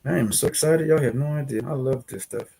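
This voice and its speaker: A man's voice: mid-range voice, quick pace, vocal fry, dark tone, a little hiss or hum. A man from New Orleans with a New Orleans accent, hosting a casual livestream and chatting directly with viewers before presenting steps. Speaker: host of a business credit livestream.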